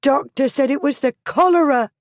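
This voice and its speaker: A woman reading an audiobook voices a frightened young schoolgirl, pitched high, breathless and close to tears. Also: moderate pace, no echo. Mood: frantic. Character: frightened young orphan schoolgirl, tearful and pleading. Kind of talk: audiobook character voice.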